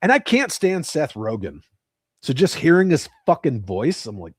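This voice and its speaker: Foul-mouthed guy hosting a live stream from home, pitch jumps all over, dry close sound. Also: huge pitch swings, moderate pace, slightly rough, no room sound. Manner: profane, joking banter. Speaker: livestream host. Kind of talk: casual chat with live viewers. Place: at home with his cats.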